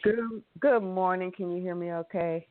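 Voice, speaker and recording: Lower-voiced woman, animated, on a phone line. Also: normal speed, dry recording. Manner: animated, blunt and playful. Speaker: prayer call participant. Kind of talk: spiritual sharing.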